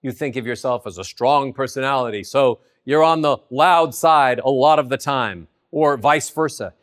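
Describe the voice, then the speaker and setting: A man giving a voice lesson, teaching in an animated way and swooping high and low in pitch to demonstrate. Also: normal speed. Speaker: voice coach. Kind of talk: spoken voice lesson.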